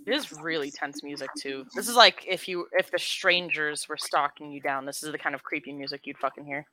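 Bright-voiced woman playing a horror game, excitable, swears a lot. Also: deep voice, fairly quick, slight background noise. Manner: excitable, swears freely, yells when chased. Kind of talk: casual gameplay chat.

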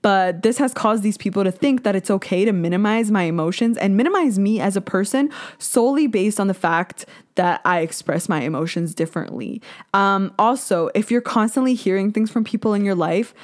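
A young woman hosting a solo podcast, talking candidly and animatedly to her listeners, swearing freely and jumping into loud bursts of emphasis. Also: mid-range voice, a little fast. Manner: talks to listeners directly, with many "like" and "um" fillers. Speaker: podcast host.

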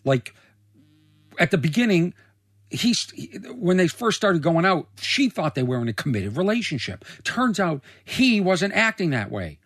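A man in casual commentary, reacting to a reality show clip, animated and incredulous, sometimes putting on mocking impressions. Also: high-pitched, unhurried, no echo, clean studio sound.

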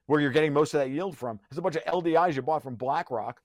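A man's voice: a little high, a little mellow, no echo, clean studio sound. A man speaking as a podcast guest in a heated, profane rant, full of restarts and sarcastic jabs. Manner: profane, rapid restarts and filler-heavy; sarcastic and mocking. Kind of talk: heated conversational ranting.

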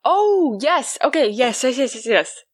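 A woman from Canada, a podcast guest chatting casually, relaxed and hesitant with fillers. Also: high voice, measured pace, no echo. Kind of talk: casual chat.

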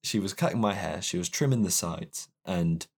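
A man's voice: deep voice, normal speed, gravelly, breathy edge. A young man candidly telling a personal story in a rambling, self-deprecating way.

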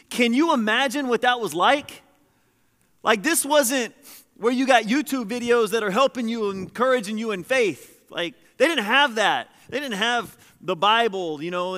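A man preaching a sermon as pastor, shifting between hushed lines and loud, emphatic ones. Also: high-pitched, moderate pace, long reverb tail. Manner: animated preaching, swings between soft and loud.

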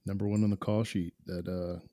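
A man co-hosting a podcast in a casual chat, reacting with wry, amused remarks and gentle teasing. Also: deep voice, level tone, a little fast, dry recording, studio quality. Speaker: podcast co-host.

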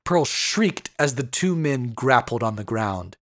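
A man's voice: medium pitch, animated, a little slow, a bit bright, dry recording, studio quality. A man narrating a scripted horror story with tense, building intensity.

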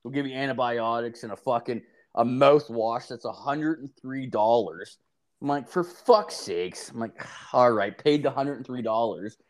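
A man's voice: medium pitch, normal speed. Profane, laughing male podcast storyteller. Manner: profane, laughing, acts out quoted people. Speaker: podcast co-host. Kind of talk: casual crude storytelling.

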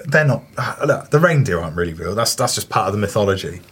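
A man's voice: lowish voice, very animated, quick pace, a bit bright, slightly rough. A man chatting casually as a podcast co-host, rambling through jokes with lots of fillers and restarts. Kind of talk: casual banter.

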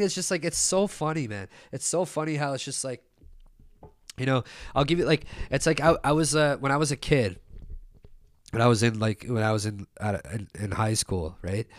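A man's voice: on the low side, no room sound, clean studio sound. A young man talking in a loose, rambling monologue, swearing often and circling back with lots of fillers and restarts. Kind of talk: casual opinion monologue.

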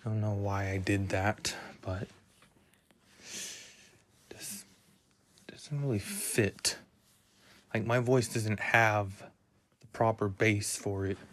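A man's voice: on the low side, slow, pauses often, fairly bright tone. A man hosting a solo podcast who rambles and muses aloud, often putting himself down. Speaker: podcast host.

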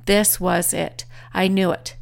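A woman's voice: lowish voice, fairly even intonation, takes it slowly, gravelly. A woman author giving a motivational talk, earnestly telling a personal story. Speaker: author and speaker.

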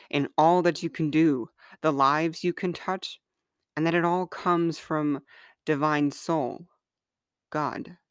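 A woman hosting a podcast and reading aloud from her own book in a gentle, measured, heartfelt way. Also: sits low, clean tone, no room sound, clean studio sound. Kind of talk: slow, earnest reading of personal writing.

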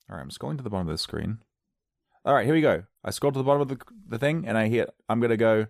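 Dude riffing solo, sarcastic and jokey, very up-and-down voice, dry close mic. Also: male voice, lowish voice, sing-song, very fast, gravelly, a little mellow, no room sound. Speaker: solo comedy podcaster. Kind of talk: rambling comic monologue.

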